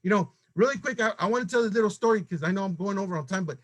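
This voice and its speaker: A middle-aged man leading a sales team, giving an urgent motivational pep talk full of rapid rhetorical questions. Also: high-pitched.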